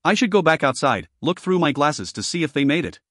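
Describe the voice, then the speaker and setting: A man narrating a first-person fantasy audiobook with expressive storytelling. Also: a little high, fairly quick, dry recording, clean studio sound.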